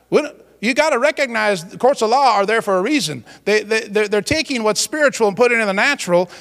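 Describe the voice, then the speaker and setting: A man's voice: very high-pitched, fairly bright tone, in a large hall. A man preaching a sermon as pastor, emphatic and exclamatory.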